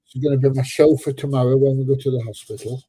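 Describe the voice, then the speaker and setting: A seventy-year-old Englishman, a little bunged up, talks in a loose, joking way on his live stream. His voice is deep, mellow and very husky. The sound is close and dry, with no room around it. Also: fairly even intonation, fast, dry recording. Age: 70s. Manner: chatty and joking, laughs often, drops into slang. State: a bit congested. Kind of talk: casual live-stream chat reading viewer comments.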